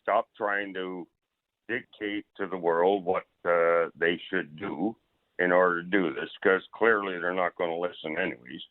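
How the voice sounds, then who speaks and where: A man from Ontario, calling into a radio show, polite and halting but firm. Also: deep voice, fairly even intonation. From Ontario, Canada. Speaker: caller. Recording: tinny phone line.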